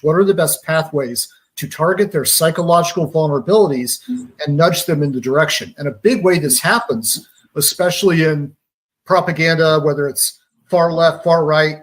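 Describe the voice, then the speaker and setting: A man's voice: a little high, fairly bright tone. Man explaining propaganda with pop analogies. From Georgia, US. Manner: analytical, uses pop-culture analogies. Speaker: radio show guest. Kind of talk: conversational explaining.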